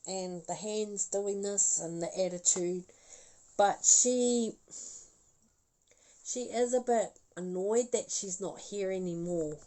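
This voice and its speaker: A woman's voice: mid-range voice, slow, dark tone, rough recording. A woman doing a live psychic reading as a medium. She talks in a chatty, rambling way, laughs often and keeps apologizing.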